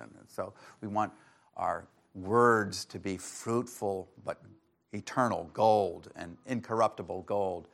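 A man's voice: low-pitched, creaky. Man preaching an earnest sermon. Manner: earnest preaching with scripture readings and anecdotes. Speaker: pastor.

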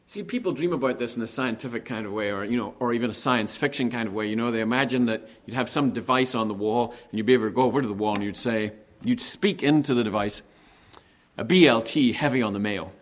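The speaker is a pastor preaching with animation in a mid-pitched voice. Rhetorical questions run through his sermon, and he deliberately slows to emphasize key words.

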